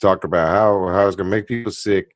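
A man's voice: sits low, fairly even intonation, fast talker, no echo. Ranting man with a dry close sound. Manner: ranting, profane, rising to loud outbursts. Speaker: co-host reacting to a video. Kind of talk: casual chat.

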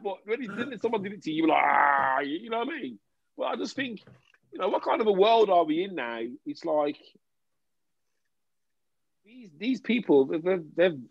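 A man's voice: sits high, breathy edge, dry recording. A man in casual chat, talking animatedly with lots of restarts and jokes. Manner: animated, restarts often, jokey. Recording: dull lo-fi dry sound.

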